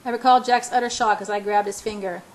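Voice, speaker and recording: A woman's voice: medium pitch, steady tone, fast, low-quality recording. A woman reading a first-person romance novel aloud as an audiobook. Her reading is unpolished, with frequent stumbles where she trips over a word and starts it again. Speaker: audiobook reader.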